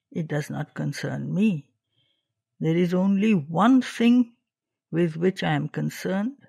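A man reading a spiritual text aloud in a measured, deliberate way, with long pauses between phrases. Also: sits high, vocal fry, darkish tone, slightly rough, no room sound, studio quality. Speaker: reader of spiritual texts. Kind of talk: slow devotional reading.

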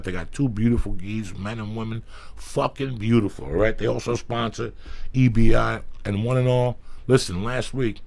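Gravelly, profane podcast host man. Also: lowish voice, fairly even intonation, moderate pace. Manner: loud, emphatic, swears freely. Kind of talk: profane, rambling ad reads.

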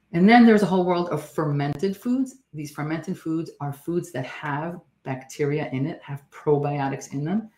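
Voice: medium pitch, a little mellow. A nurse practitioner giving a health education talk in a chatty, emphatic way, with joking asides. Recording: roomy echo.

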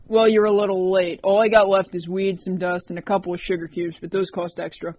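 A gruff teenage boy sells drugs in a cocky, slow drawl, as a woman narrator voices him. The voice stays close to her own. It comes from a spoken storybook. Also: on the low side, little pitch movement, a little mellow, dry recording, close to an everyday voice.

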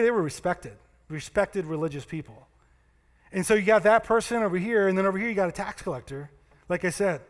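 A man's voice: sits high, a bit bright, in a large hall. A man giving a sermon as pastor, telling stories in a conversational way and acting out the voices of the people in them. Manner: conversational storytelling preacher, acts out voices. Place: church sanctuary.

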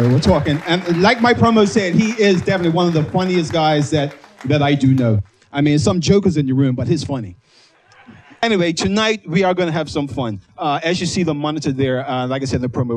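A man's voice: on the high side, a little mellow, slight background noise. A man, a magician hosting his own stage show, welcoming the audience and laying out the evening in an upbeat way, with fillers. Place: comedy stage in a venue.

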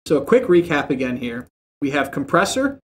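A man with a slightly high voice runs through a casual tutorial, chatty and informal, repeating himself as he talks straight to the viewer. A faint low rumble sits under his desktop mic in a home setup. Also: sing-song, normal speed. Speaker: tech tutorial host. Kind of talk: casual how-to explanation. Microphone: desktop mic with processing plugins.

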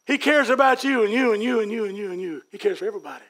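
High-voiced folksy preacher. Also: male voice, lively intonation, rapid-fire. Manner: folksy preaching, Southern US dialect, builds to shouts. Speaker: pastor. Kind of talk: sermon. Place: church sanctuary.

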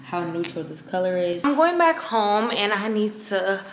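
A woman's voice: medium pitch, very animated, normal speed, slight background noise. A young woman in her twenties from the Midwest, venting and swearing in a casual vlog to her phone camera. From Wisconsin. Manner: venting, exasperated, swears freely. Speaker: vlogger.

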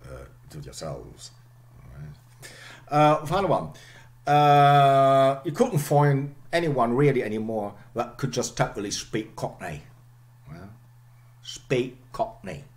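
A man giving a lecture on speech sounds, halting and full of "okay" and "uh", sometimes dropping to a whisper at the end of a phrase. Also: fairly low pitch. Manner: halting delivery, frequent "okay" and "uh". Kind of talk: recorded phonetics lecture.

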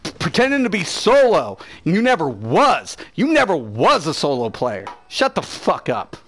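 Gaming host, male, raised pitch, profane trash-talking rant over live play. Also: huge pitch swings, moderate pace, fairly bright tone. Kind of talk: live gameplay commentary.

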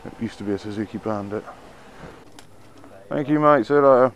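A man's voice: medium pitch, a little fast, dull audio. A man filming himself while riding a motorbike through town, swearing and ranting at the traffic as he chats to the camera. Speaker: motorbike vlogger. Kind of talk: casual riding commentary. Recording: noisy wind and traffic.

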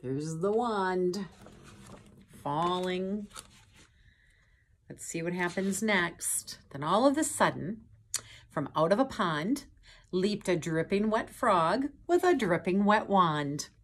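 A woman reading a picture book aloud to children, pausing to point at pictures and ask them questions in a gentle way. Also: lowish voice, expressive, slight background noise. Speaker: storytime reader. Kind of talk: children's storytime read-aloud.

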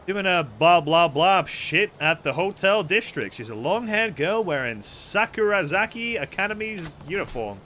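A man's voice: sits high, expressive, moderate pace, hardly any pauses, bright, forceful tone, slight background noise. A young man streaming a video game, swearing a lot, joking and reading the dialogue aloud. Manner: sweary, playful, reads game text aloud. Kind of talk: let's play commentary.

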